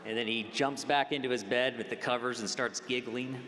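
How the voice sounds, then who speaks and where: A man's voice: medium pitch, fairly even intonation, fairly quick. Earnest man giving a eulogy in a hall. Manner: earnest, personal storytelling. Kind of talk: funeral eulogy. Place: large funeral hall. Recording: long hall reverb, faint noise.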